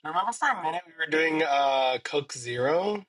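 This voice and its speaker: A man co-hosting a podcast, slightly hoarse, telling rambling stories in casual chat with lots of fillers. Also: fairly high pitch, animated, normal speed, fairly bright tone, no echo. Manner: laid-back, rambling storytelling with many fillers. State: a little hoarse. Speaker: podcast co-host.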